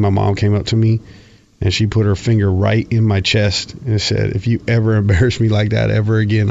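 Candid self-mocking coach, dry, lo-fi testimony take. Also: male voice, on the low side, vocal fry, warm tone, no echo. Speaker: high school football coach. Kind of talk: personal testimony.

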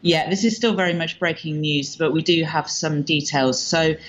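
Female correspondent giving a measured report over a dull, lo-fi remote line. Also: low-pitched. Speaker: foreign correspondent. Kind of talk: news report.

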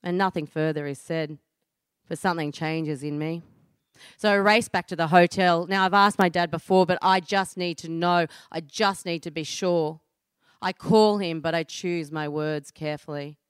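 An Australian woman in her thirties giving a heartfelt personal storytelling performance, earnest, with deliberate pauses. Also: on the low side, steady tone, clear, resonant tone, no room sound, clean studio sound.

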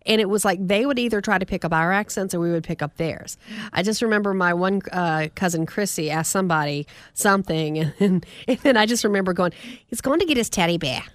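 A woman from South Carolina with a Southern US accent hosting a podcast, lively and joking. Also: lowish voice, brisk, no room sound. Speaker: podcast host. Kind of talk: casual chat.

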